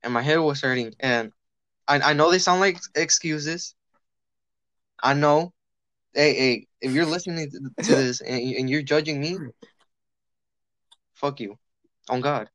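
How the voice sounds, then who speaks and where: A man's voice: fairly high pitch, measured pace, pauses often, no echo. A young man chatting casually, swearing freely and telling a story while acting out the people in it. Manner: animated, swearing, acts out quoted people.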